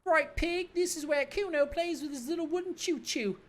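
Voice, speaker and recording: A woman's voice: high-pitched, normal speed, pitched above the performer's own voice, natural voice. A woman voicing a crude, cocky twelve-year-old boy who talks about himself in third person. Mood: sneering swagger.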